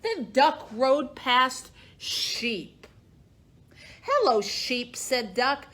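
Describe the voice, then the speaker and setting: A woman librarian reads a children's picture book aloud at an unhurried pace. Her fairly high voice swoops up and down in a sing-song storytime manner, and she acts out each animal as it speaks. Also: very animated, a bit bright.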